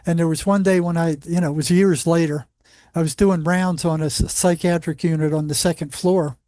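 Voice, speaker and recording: A man who worked as a psychologist on a psychiatric unit, telling animated anecdotes in a casual interview with lots of restarts. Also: fairly high pitch, brisk, no echo, clean studio sound.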